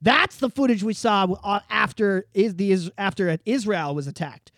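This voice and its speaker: A man from Canada co-hosting a podcast, ranting profanely about politics, swinging from loud outbursts to low mutters. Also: moderate pace, dry recording, clean studio sound. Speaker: podcast co-host. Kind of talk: casual political rant.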